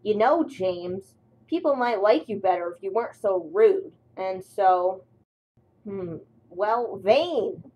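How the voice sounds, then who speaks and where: A woman voicing a calm but stern male steam engine in a storybook tale. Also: medium pitch, slow, rough recording. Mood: scolding.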